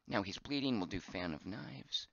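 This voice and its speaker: A man streaming a game live, chatting as he plays, reading viewer comments aloud and thinking out loud, his voice getting hoarse. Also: on the low side, lively intonation, normal speed, dull audio, noisy background. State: voice going hoarse.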